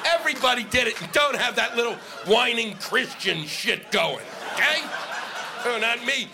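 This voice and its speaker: A man's voice: very high voice, lively intonation, normal speed, creaky, a crowd in the background, noisy background. A male stand-up comic doing a profane, ranting set on stage into a microphone. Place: comedy stage with audience laughing.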